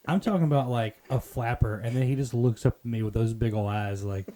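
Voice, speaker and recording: Mellow-voiced joking podcast host. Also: male voice, mid-range voice. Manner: jokey, quick reactions and laughs. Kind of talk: casual chat.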